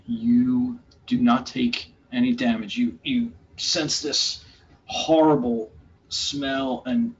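A male game master narrates a tabletop session slowly, stumbling over fillers and restarting his sentences. The recording is a bit dull and lo-fi, with faint noise in the background. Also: mid-range voice. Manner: hesitant, many fillers and restarts.

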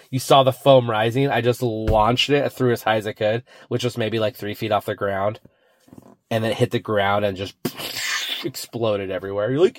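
A young man rambles through a solo podcast episode. His voice sits a little low, and he talks in a loose, self-mocking way. The recording is dry and close, with no room sound. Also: no room sound. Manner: rambling, self-mocking, says "dude" a lot. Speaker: podcast host.

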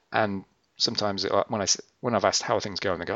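A man's voice: fairly low pitch, fast talker, hardly any pauses, sharp tone, dry recording. A man hosting a podcast, chatting casually and rambling, acting out quotes as he explains. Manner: rambling, self-correcting, acts out quotes. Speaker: podcast host. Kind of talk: casual chat. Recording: dull, muffled sound.

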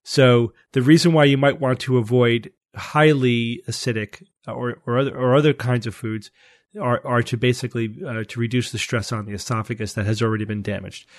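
A man's voice: mid-range voice, fairly even intonation, a little fast, no echo, studio quality. A man hosting a casual science podcast, reading a listener email and then explaining step by step with frequent restarts. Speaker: podcast host.

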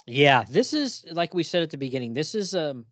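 A man's voice: a little high, moderate pace, no room sound. A man hosting a comics podcast in casual chat, rambling with lots of fillers and easy laughs. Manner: relaxed, rambling, many fillers, laughs often. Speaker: podcast host.

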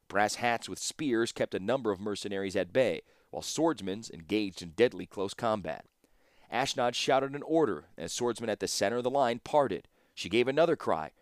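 A man narrating an audiobook in a measured, steady storytelling manner. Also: lowish voice, no echo, clean studio sound.

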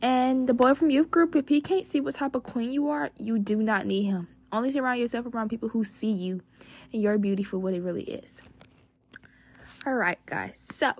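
A young woman hosting a casual advice podcast, bubbly and gushing, full of endearments and fillers. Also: on the high side. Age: young adult. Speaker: podcast host.

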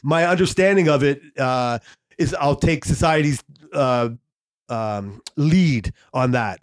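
A man's voice: medium pitch, slow pace. A man co-hosting a podcast, telling a long story in casual chat, rambling with lots of fillers and swearing. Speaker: podcast co-host.

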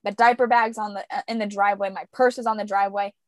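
A young woman co-hosting a podcast, telling a lively story about her baby in casual chat with animated, expressive delivery. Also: fast, no echo. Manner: animated storyteller, squeaky voices for quoted baby. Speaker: podcast co-host; young mother.

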